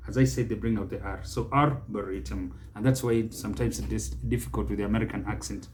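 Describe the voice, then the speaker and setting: A man with a Kenyan accent teaching English pronunciation, slowly and deliberately repeating each word several times. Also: lowish voice, little pitch movement, dark tone, slight background noise.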